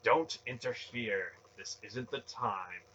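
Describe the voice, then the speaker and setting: A man voicing a stern, disembodied voice inside a hero's mind, slow and commanding. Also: lowish voice, bright, forceful tone, breathy edge, dull audio, heavily acted.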